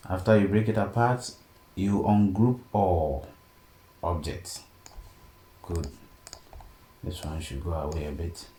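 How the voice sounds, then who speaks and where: A man teaching a design software tutorial step by step and often checking in with "okay?". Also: deep voice, slow, long pauses. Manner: steady step-by-step explaining, frequent "okay?" check-ins. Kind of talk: screen-recorded tutorial narration. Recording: echoey room, faint background noise.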